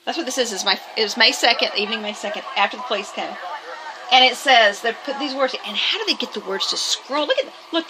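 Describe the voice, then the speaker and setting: A woman's voice: on the high side, quick pace, noisy background. A woman talking casually to camera in a vlog, emphatic and defensive, rambling with restarts. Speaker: vlogger.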